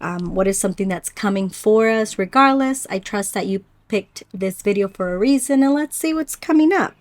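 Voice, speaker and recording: Gentle woman giving a card reading. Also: medium pitch, animated. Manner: gentle, reflective, speaks to viewers as "you guys"; unhurried with pauses and small stumbles. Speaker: oracle card reader. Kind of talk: pick-a-card spiritual reading.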